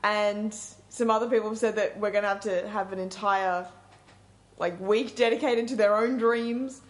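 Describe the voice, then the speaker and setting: A woman hosting a community radio show, relaxed and leading the segment, reading out listener feedback. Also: medium pitch, normal speed. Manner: relaxed, runs the segment and reads out listener feedback and station idents. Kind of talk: casual radio chat.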